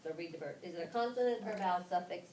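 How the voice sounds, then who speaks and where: A woman's voice: lowish voice, very fast, dark tone. A woman leading a phonics lesson for teachers, patient and questioning as she walks through each step. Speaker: teacher trainer. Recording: echoey room from far off, background noise.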